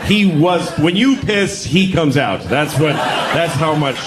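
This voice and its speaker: A middle-aged man from New York performs a live stand-up set with a fairly high voice that rises and falls widely. He tells stories and breaks into sudden squeaky acted outbursts. The recording carries clear club ambience under his voice. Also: expressive, slow, heavy background noise. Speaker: stand-up comedian. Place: comedy stage before a laughing audience.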